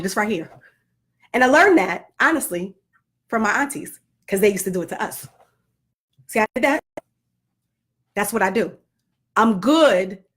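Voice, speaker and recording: A middle-aged woman vlogging about parenting in a sassy, blunt and animated way, with sudden asides. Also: a little high, husky. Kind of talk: candid parenting vlog.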